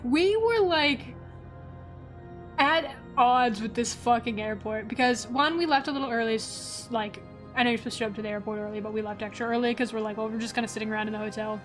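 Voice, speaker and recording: Woman streamer, high voice, swears freely, laughs through her story, faint music behind. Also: fairly quick. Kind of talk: casual storytelling while drawing on stream.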